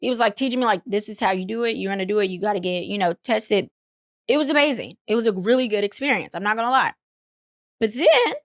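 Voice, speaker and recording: A young adult woman co-hosting a casual chat, telling stories in an animated way, acting out quotes with big jumps in pitch and laughter. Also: no room sound, clean studio sound. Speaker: podcast co-host.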